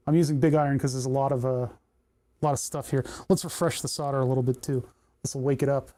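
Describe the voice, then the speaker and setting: A man's voice: mid-range voice, steady tone, quick pace, mellow. A man chatting casually on a livestream while he solders, thinking aloud and talking to the parts in his hands. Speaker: electronics livestreamer.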